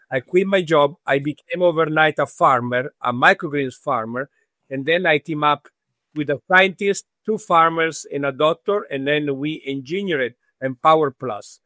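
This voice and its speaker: A man with an Italian accent speaking earnestly as a talk-show guest, pausing often with fillers. His voice is dry and close to the mic, in a middle pitch. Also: fairly bright tone, no echo. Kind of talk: interview talk.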